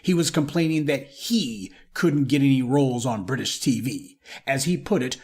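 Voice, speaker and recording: A man's voice: mid-range voice, moderate pace, few pauses, darkish tone. A man with a Southern American accent delivering a scornful, emphatic opinion monologue as a live-stream commentator. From Southern United States.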